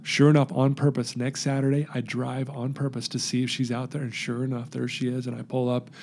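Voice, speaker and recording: Speaking briskly in a creaky, medium-pitched voice, a man recounts his recovery in an interview. He's earnest and lively, performing the voices of people in his story.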